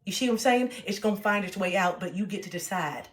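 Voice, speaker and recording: A woman's voice: mid-range voice, lively intonation. Woman streamer, sassy and playful, mid-range voice, laughs often, reads her own book aloud to chat. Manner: playful and sassy, with frequent laughter and drawn-out self-talk. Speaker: livestreamer and self-help author. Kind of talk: casual livestream chat reading from her book.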